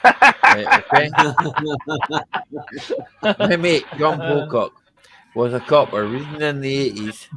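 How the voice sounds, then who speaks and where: A man hosting a casual live-stream chat, halting and laughing often. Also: medium pitch, lively intonation, crowd noise, poor audio. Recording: faint background noise.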